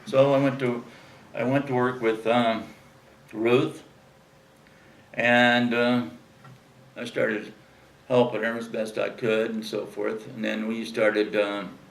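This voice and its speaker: Guy with a gravelly voice telling an old story, mic kinda far off in an echoey room. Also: mid-range voice, flat delivery, slow pace, pauses often. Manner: rambling, frequent fillers, acts out quoted voices. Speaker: interview guest telling stories. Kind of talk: casual anecdotal storytelling.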